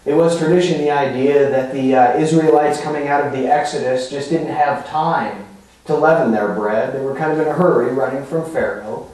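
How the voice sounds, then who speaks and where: A man's voice: medium pitch, normal speed, a little mellow. Pastor, male, casual sermon delivery, heard from afar in a very echoey sanctuary. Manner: conversational teaching, with fillers and rhetorical asides. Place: church sanctuary. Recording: echoey hall from far off.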